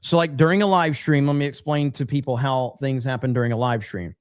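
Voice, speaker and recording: A man's voice: mid-range voice, a little fast, smooth, no echo, studio quality. A man hosting a podcast, talking casually and animatedly as he reacts to a video clip. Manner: animated, chatty, laughs and interjects. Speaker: podcast host.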